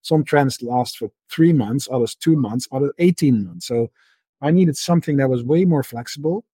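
Husky-voiced man explaining at length. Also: medium pitch, moderate pace, mellow, no room sound. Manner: explains at length, often repeats words while thinking. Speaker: interview guest, market analyst. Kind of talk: casual conversational interview.

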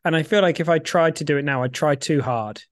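A man's voice: fairly high pitch, fast, dry recording, studio quality. Giggly man co-hosting a podcast. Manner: giggly and self-mocking. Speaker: podcast co-host. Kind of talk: casual chat.

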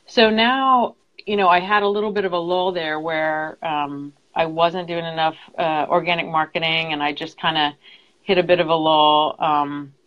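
A woman's voice: low-pitched, steady tone, moderate pace. Earnest woman therapist, lo-fi sound. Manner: earnest, many fillers and restarts. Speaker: therapist in private practice, guest. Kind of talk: casual interview chat.

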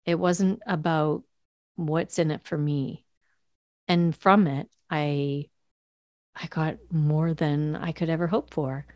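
Female podcast host, casual and reflective, lower pitch. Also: a little mellow, no room sound, studio quality. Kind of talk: casual chat.

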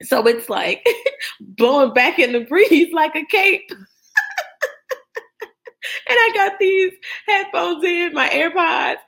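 A woman's fairly high voice tells a story on a casual podcast. She is an animated storyteller in her thirties who laughs often and breaks into bits of song. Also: takes it slowly, long pauses. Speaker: podcast host. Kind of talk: casual chat.

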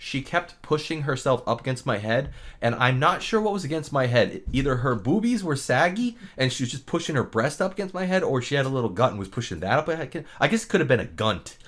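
A man's voice: mid-range voice, very animated, fairly quick, fairly bright tone. A man co-hosting a podcast, telling a story in casual, comedic chat. He laughs often and swears freely. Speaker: podcast co-host.

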